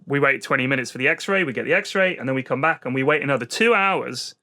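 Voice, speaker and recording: Fast, bright-voiced British man. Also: mid-range voice. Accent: British English. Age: adult parent. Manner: animated, exasperated storytelling with swearing. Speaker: podcast co-host. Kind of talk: storytelling on a comedy podcast.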